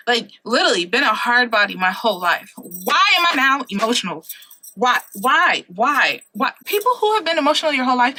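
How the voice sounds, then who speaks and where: A woman's voice: fairly high pitch, very animated, fairly quick, sharp tone. A woman in her late twenties talking casually to camera in a vlog, chatty and dramatic, laughing often. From Ohio, USA. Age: 20s. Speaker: vlogger. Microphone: compact camera mic.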